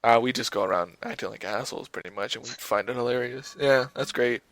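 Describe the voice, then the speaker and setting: A young man co-hosting a podcast, telling a story in a loud, profane, laughing way. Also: medium pitch, quick pace, no room sound, poor audio. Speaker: podcast co-host. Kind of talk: casual chat.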